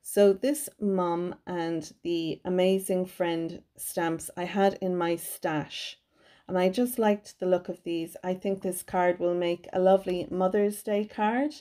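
A woman's voice: fairly low pitch, fairly even intonation, takes it slowly, mellow. A woman giving a chatty, cheerful craft tutorial voice-over from her home craft room. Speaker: card-making crafter.

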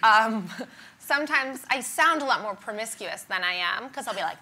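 A Canadian-born woman in her thirties whose accent has softened after years in Britain. Her bright tone carries chatty, self-mocking stories about her life, and a faint room hum sits under the talk. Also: fairly high pitch. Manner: chatty, wry, self-deprecating, quick asides. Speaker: stand-up comedian, interview guest. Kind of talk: onstage interview. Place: conference stage before an audience.

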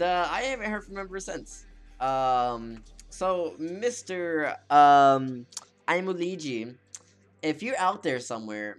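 A man giving casual, sarcastic commentary over gameplay, often cracking up laughing as he jokes. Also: mid-range voice. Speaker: gaming channel host.

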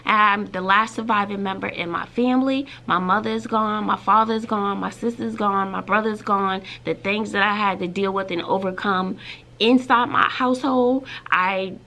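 A woman who teaches middle school, telling stories casually and reading aloud from a student's paper, animated and gushing. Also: medium pitch, normal speed, gravelly, a little hiss or hum. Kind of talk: casual vlog storytelling.

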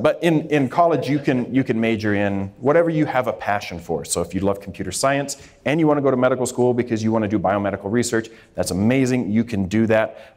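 A man's voice: lowish voice, a little mellow. A man who grew up in Idaho, a dermatologist giving a candid, informal talk to a group of students, with frequent fillers and restarts. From Idaho, USA.

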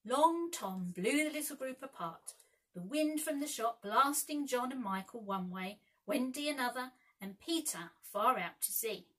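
A woman teacher reading a children's storybook aloud with lively expression. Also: fairly high pitch, measured pace, rough recording.

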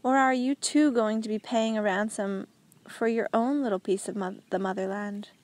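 A woman's voice: mid-range voice, steady tone, moderate pace, darkish tone, natural voice. A woman reading as a blunt, stubborn male prisoner. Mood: earnest. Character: outspoken male prisoner farmer, stubborn and earnest. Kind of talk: audiobook character reading.

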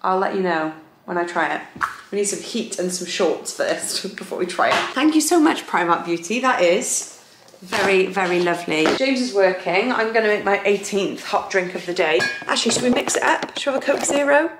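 A woman's voice: mid-range voice, lively intonation, a little fast. Bubbly young woman vlogging at home, lots of "like"s, echoey room, bit of hiss. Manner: chatty, bubbly, lots of fillers. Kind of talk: casual chat. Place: home, indoors and out walking. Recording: roomy echo, faint noise.

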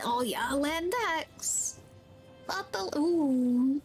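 A woman livestreamer chatting casually through a game. She has a high voice and an unhurried, easygoing pace, and she muses aloud as she plays. She sounds a little drowsy and yawny. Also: animated, a little mellow, faint music behind. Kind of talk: casual gameplay chat.

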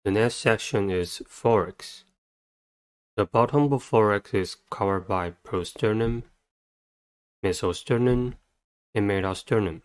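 A man with a fairly low voice teaches vocabulary at a very slow, deliberate pace. He breaks each word into syllables and sounds the letters out one at a time. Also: clean tone. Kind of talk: instructional narration.

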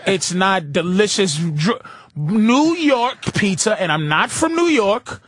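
A man guest on a radio talk show, ranting loudly and profanely with bursts of laughter. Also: sits high, animated, takes it slowly, no echo. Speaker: comedian guest.

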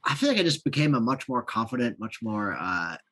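Male guest, 30s, husky mid voice, laid-back rambling delivery. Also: medium pitch, a little fast. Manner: relaxed and rambling, many fillers. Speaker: coaching client and guest. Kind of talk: casual podcast interview.

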